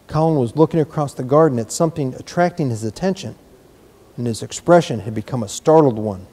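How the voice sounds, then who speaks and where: A man reading a children's novel aloud in a measured, gentle storytelling manner. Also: mid-range voice, breathy edge. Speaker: reader.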